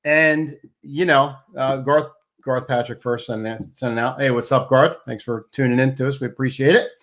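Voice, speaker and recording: A man hosting a casual sports talk show, chatty and energetic, plugging sponsors between topics. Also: medium pitch, moderate pace.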